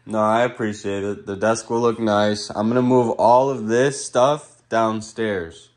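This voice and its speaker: A man's voice: lowish voice, fairly even intonation, measured pace, darkish tone, no room sound. A young man vlogging casually, rambling with lots of "like" fillers, recorded on a handheld phone. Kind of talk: casual vlog chat. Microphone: handheld phone camera.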